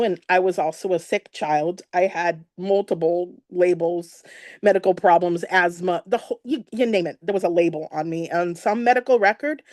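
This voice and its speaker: A woman speaker telling her own life story to an event audience, animated and emotional, laughing at times and with her voice sometimes breaking. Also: mid-range voice, no room sound, studio quality. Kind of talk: personal story told on stage.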